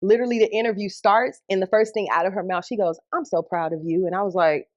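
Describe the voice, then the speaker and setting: Animated Atlanta radio host telling stories. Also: female voice, medium pitch, fast, highs cut off. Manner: animated storyteller, acts out quotes. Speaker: radio host, podcast guest. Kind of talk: casual interview chat.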